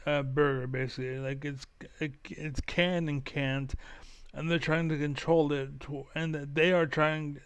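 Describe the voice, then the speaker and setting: A man's voice: on the high side, smooth. A man ranting casually while reacting to political videos, rambling and profane, full of fillers and restarts. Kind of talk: casual rant.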